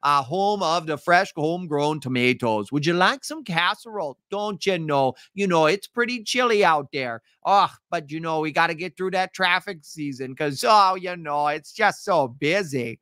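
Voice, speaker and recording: A man's voice: a little high, animated, normal speed, hardly any pauses, sharp tone, no echo, clean studio sound, voice pushed up. A man voicing a cheerful, folksy stereotypical local with an exaggerated Minnesota accent. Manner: sing-song, folksy, exaggerated.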